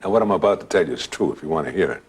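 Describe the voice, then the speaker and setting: An older man, casually telling a personal story in a relaxed way and acting out what others said. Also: sits low, racing, breathy edge. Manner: relaxed storytelling, acts out voices. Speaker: guest storyteller.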